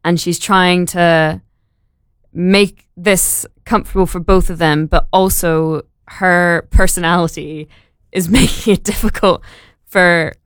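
A woman's voice: fairly low pitch, fairly even intonation, takes it slowly, smooth, no echo, clean studio sound. Young woman, bubbly and giggly. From Edinburgh. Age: 20s. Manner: bubbly, laughs often, fillers. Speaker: actor, guest. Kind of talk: casual interview.

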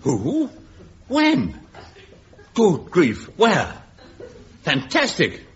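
A man's voice: fairly high pitch, huge pitch swings, exaggerated voice. A man voicing a wisecracking police captain in a radio comedy. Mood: wry. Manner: wisecracking, brisk. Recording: dull old radio recording, loud noise.

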